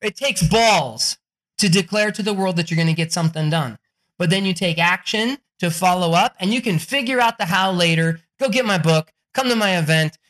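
A man's voice: high-pitched, fairly quick, fairly bright tone. A man, a podcast guest, giving a blunt, profane motivational pep talk.

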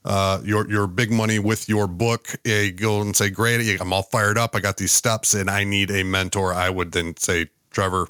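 A man's voice: fairly low pitch, level tone, normal speed, hardly any pauses, sharp tone, clear, resonant tone, no echo, clean studio sound. A man hosting a podcast, asking wordy questions with many hesitations and fillers. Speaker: podcast host. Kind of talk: podcast interview.

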